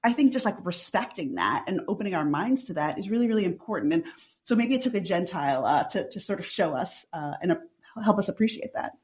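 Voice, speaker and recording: A woman's voice: lowish voice, fast. Chatty woman, "like"-heavy. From Long Island, New York. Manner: says "like" constantly, chatty and animated. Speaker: podcast guest. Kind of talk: casual chatty interview.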